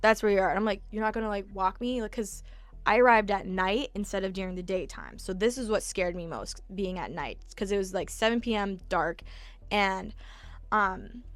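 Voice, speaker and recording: A young woman in her twenties tells an animated, swear-heavy story straight to the camera, her pitch sitting in a middle range. The sound is dry and close, with no room echo. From United States. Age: 20s. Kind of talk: casual storytelling vlog.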